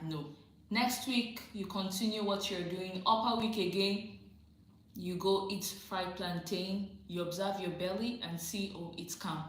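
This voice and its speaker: A woman hosting a casual livestream, reading viewer questions aloud and answering them directly, often laughing and repeating her advice for emphasis. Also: medium pitch. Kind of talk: casual live chat, reading and answering comments. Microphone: phone or computer mic on a livestream. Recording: very echoey room.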